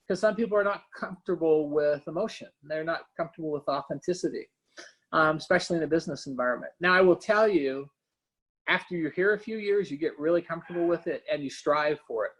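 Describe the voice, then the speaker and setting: A man's voice: fairly high pitch, poor audio. A man, a company founder and CEO, talking candidly and personally in a webinar conversation, filling gaps with "you know" and "right?".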